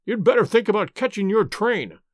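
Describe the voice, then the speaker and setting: A man voices a ruthless old spymaster in a storybook reading. He talks smooth and icy, with a lively, rising pitch that climbs sharply when he gloats. The sound is close and dry. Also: a little fast, dry recording. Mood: falsely genial. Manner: smooth, turning fierce and exultant. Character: cold ruthless old male spy chief.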